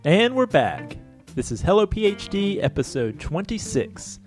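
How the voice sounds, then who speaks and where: A man's voice: sits high, big pitch swings, unhurried, faint music behind. A man co-hosting a casual podcast, chatty and friendly, often laughing. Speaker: podcast co-host.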